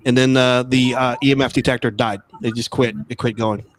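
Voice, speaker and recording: A man's voice: mid-range voice, fairly even intonation, a little fast. Rambling man telling a spooky story. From Texas. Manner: rambling, repeats words and restarts often. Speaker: guest. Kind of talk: casual storytelling.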